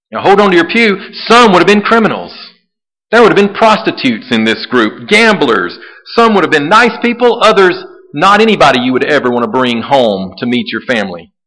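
A man delivering a sermon from the pulpit with a bright, forceful tone. He preaches with animation, slipping into quoted voices of the people in his stories. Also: mid-range voice, low-quality recording. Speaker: pastor.

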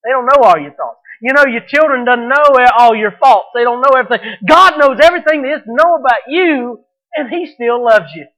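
Pastor guy preaching to his church, really high voice, keeps repeating stuff for emphasis. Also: lively intonation, brisk, bright, forceful tone, rough recording. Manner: earnest preaching, emphatic repetition. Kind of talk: sermon.

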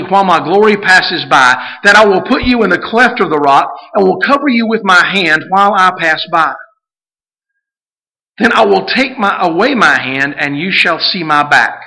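Man, pastor, sermon, bright ringing tone, quiet scripture reading, loud fervent preaching. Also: a little high, rough recording. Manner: reads scripture aloud, addresses the congregation as church.

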